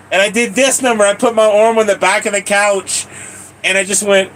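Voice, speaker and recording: A man's voice: sits high, fairly even intonation, normal speed, background noise. A man live streaming, telling long rambling stories to his chat, repeating himself, laughing and swearing casually.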